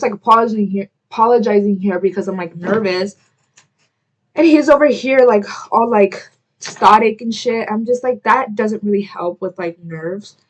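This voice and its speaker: A young woman telling a story while getting ready at home, rambling with lots of "like" and breaking off to apologize. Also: medium pitch. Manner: rambling, heavy use of "like", self-interrupting; quick to apologize, chatty asides to camera. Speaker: vlogger.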